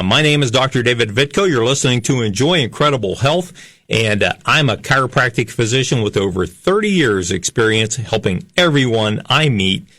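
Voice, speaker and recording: Earnest, halting man hosting a health show. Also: fairly low pitch, fairly bright tone, no echo, studio quality. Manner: halting, earnest, many filler pauses. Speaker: health show host, chiropractor. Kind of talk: radio health talk monologue.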